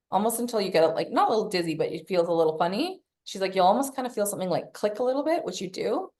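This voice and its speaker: Woman, podcast host, low-pitched voice, casual coaching talk, swears freely, acts out her inner voice. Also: a little mellow.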